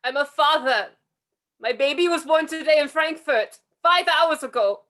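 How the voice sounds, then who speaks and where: Lady reading a scared young german soldier guy, suspicious, high pitched. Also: moderate pace, pushed and bright. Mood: wary. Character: young German male sergeant, cornered and wary. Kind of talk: amateur script reading.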